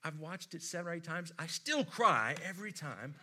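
American pastor guy preaching, really bright cutting voice, goes big then drops real quiet. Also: on the high side, moderate pace. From United States. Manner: expressive storytelling preacher, swinging from loud to hushed. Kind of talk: sermon.

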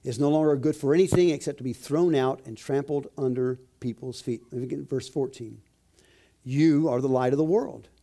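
A man preaching a sermon as pastor, slowing down and rising in pitch to stress key phrases. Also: dark tone. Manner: emphatic, slows and rises to stress key phrases.

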